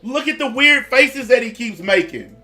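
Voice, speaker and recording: A man's voice: very high-pitched, animated, moderate pace, pushed and bright, faint music behind. A man giving blunt, profane reaction commentary in a repetitive rant.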